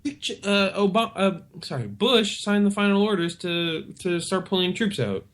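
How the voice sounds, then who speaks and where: A man's voice: sits high, expressive, normal speed. A man co-hosting a political talk radio show, pushing back casually with many fillers.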